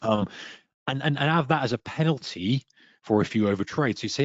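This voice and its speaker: A man's voice: lowish voice, a little fast, no room sound. A man teaching a trading webinar, talking straight to the listener and acting out a trader's inner voice. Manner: energetic, talks to listener directly, acts out a trader's inner voice. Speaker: trading coach. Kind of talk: webinar lesson. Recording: dry, muffled webinar audio.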